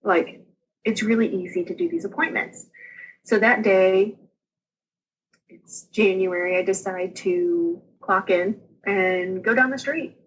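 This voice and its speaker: A woman's voice: medium pitch, slow, breathy edge, poor audio. A young woman, casually telling her story as a podcast guest and acting out the people she quotes. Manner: animated, acts out quoted voices.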